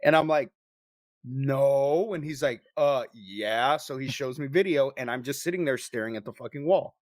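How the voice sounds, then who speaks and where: Man, podcast co-host, mid-pitched, swears freely, telling a story with lively energy, dry sound. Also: fast talker, no room sound. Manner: profane, animated storyteller.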